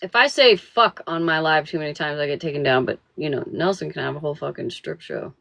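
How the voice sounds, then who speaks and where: A woman's voice: low voice, vocal fry, fairly bright tone, dry recording. A woman hosting a live stream, chatting casually and rambling with lots of swearing. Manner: profane, rambling, quick to laugh.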